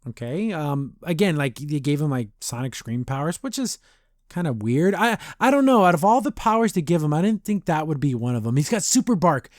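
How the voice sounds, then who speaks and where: Chatty man with a higher voice. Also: animated, brisk, no room sound, clean studio sound. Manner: rambling, acts out characters' lines in exaggerated voices. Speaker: podcast host. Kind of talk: casual episode review.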